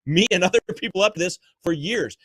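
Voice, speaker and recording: A man's voice: sits high, expressive, fast, fairly bright tone, husky, no echo. A man, a guest on a podcast interview, speaking fervently and emotionally, stumbling over words when upset. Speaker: guest, homeschool advocate.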